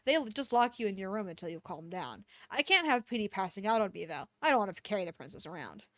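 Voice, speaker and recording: A woman's voice: medium pitch, big pitch swings, fairly bright tone, no room sound, studio quality. A woman reading aloud as a sly teenage boy who taunts and teases with a mocking drawl. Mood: taunting. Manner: mocking, drawn-out teasing.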